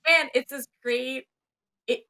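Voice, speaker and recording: Young woman podcast co-host, bright tense tone, animated and chatty. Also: sits high, slow pace. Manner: animated, acts out characters' lines. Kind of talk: casual movie chat.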